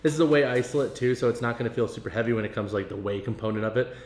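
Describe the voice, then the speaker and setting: A man's voice: medium pitch, rapid-fire. A chatty young man with a Missouri accent, vlogging from his kitchen. His voice sits in a middling range and rings around a roomy space. Faint music plays under him. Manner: chatty, jokey, talks to the camera. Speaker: fitness vlogger. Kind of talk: casual vlog narration. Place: home kitchen.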